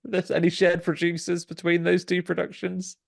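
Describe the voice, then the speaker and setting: A man's voice: high voice, monotone, moderate pace, vocal fry, no echo, studio quality. A man co-hosting a podcast in casual chat, wry and joking, laughing often. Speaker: podcast co-host.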